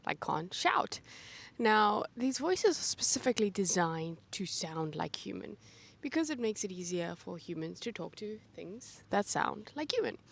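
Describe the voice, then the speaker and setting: A woman's voice: fairly low pitch, gravelly. A young woman vlogging in a casual, chatty way, thinking aloud with fillers and side remarks. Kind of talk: casual vlog chat.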